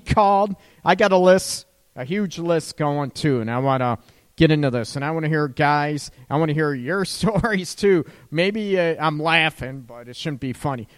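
A man's voice: fairly high pitch, big-room sound. A man hosting a relationship radio talk show as a counselor, chatting casually and breaking into laughs mid-sentence.

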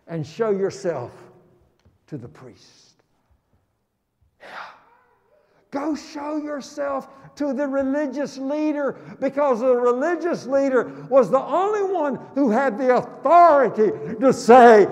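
A man preaching a sermon in a dramatic, emphatic way, slowing down on key words and breaking into sudden loud exclamations. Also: high voice, lively intonation. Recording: long reverb of a large hall.

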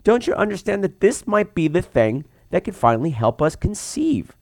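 A man's voice: high voice, very animated, moderate pace, vocal fry, no echo, clean studio sound, voice pushed up, full character voice. A man briefly voicing an exasperated, pleading husband while retelling a film.

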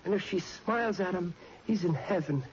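A man's voice: high-pitched, moderate pace, darkish tone, natural voice. An actor playing a shy, clumsy, lovestruck teenage boy who stammers awkwardly, in a 1940s radio sitcom. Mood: bashful. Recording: dull hissy old radio recording.

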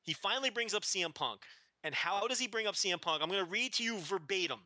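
A man's voice: high-pitched, animated, fast talker, sharp tone, no echo. A man co-hosting a podcast, ranting animatedly in casual chat with frequent swearing. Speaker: podcast co-host. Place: living in the American South.

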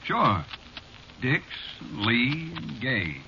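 An actor playing a teasing, sinister bartender who drawls in slang, in old-time radio drama style. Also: male voice, medium pitch, sing-song, extremely slow, exaggerated voice. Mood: sly. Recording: dull, faintly hissy old radio recording.

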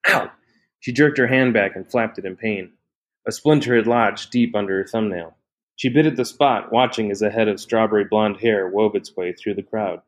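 A man reading a novel aloud in an even, measured storytelling voice. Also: on the low side. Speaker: audiobook narrator. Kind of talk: scripted narration.

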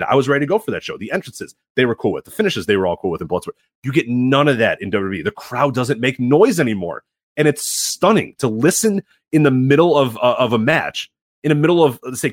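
A man co-hosting a podcast in casual chat, telling rambling, animated stories full of fillers. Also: mid-range voice, no echo. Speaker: podcast co-host.

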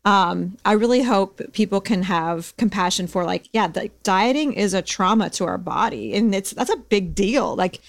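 A woman's voice: mid-range voice, animated, moderate pace, gravelly, hardly any pauses. Chatty woman podcast host. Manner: warm, compassionate, chatty with many fillers. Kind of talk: casual podcast conversation.

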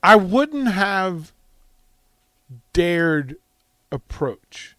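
Male radio host, high lively voice, dry studio sound, animated storyteller. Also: unhurried, dry recording. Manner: animated storytelling, dramatic swings from loud to hushed. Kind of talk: casual call-in radio chat.

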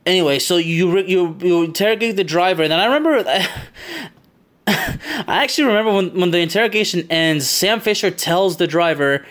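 Chatty man with a slightly high voice. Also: brisk, fairly bright tone. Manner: rambling, chatty, laughs often. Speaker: podcast host. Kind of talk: casual game recap from memory.

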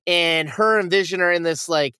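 A man's voice: high voice, normal speed, sharp tone, clear, resonant tone, no echo, clean studio sound. A man co-hosting a podcast, reviewing shows in loose, profane casual chat. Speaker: podcast co-host.

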